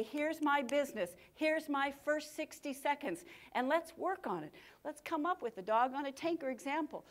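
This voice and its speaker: Woman, high voice, workshop speaker, punchy, energetic, dramatic pauses, live audience. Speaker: communication speaker.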